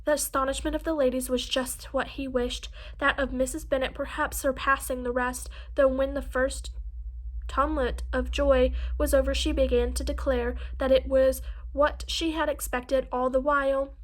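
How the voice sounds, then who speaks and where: A woman reading a classic novel aloud as narrator, steady but with small slips and restarts. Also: high-pitched, moderate pace. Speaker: audiobook reader.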